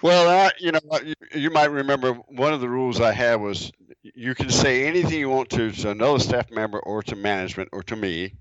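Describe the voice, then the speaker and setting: A man talking in a laid-back way in a casual chat, with halting restarts and dry humor. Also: medium pitch, lively intonation, no echo. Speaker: podcast guest, dropzone owner. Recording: dull lo-fi sound.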